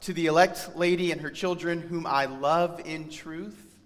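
A man preaching a sermon in an earnest, emphatic way, slowing down to read scripture aloud. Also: on the high side, fairly bright tone, long reverb tail.

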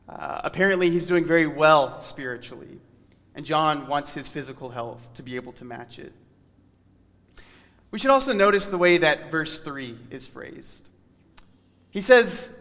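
A man preaching a sermon in an earnest, emphatic way, slowing down to read scripture aloud. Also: a little high, a bit bright, in a large hall.

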